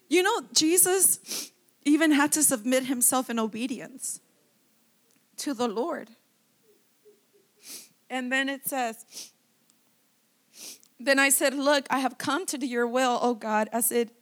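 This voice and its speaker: A woman pastor preaching at a church service in a high, bright-toned voice. She reads scripture aloud with fervor and stops often to add her own exclamations of praise. Her delivery is heartfelt, in the manner of a sermon.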